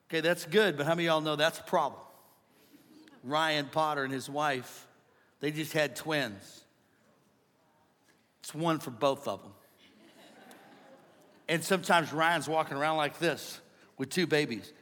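Man, pastor, live sermon, high voice, call-and-response, large church hall reverb. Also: measured pace, long pauses. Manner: energetic, preaching with call-and-response. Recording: long reverb of a big hall.

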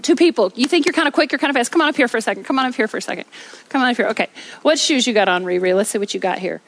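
A woman preacher delivering an energetic sermon on a church stage, telling stories with rhythmic repetition. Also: fairly high pitch, racing. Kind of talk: sermon with storytelling.

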